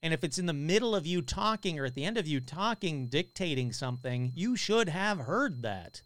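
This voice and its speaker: Hosting a live paranormal podcast, an excitable man reads out listener comments in a casual, chatty manner and swears a lot. His fairly high voice sounds smooth and resonant at a moderate pace. The recording is dry and close, with no room echo.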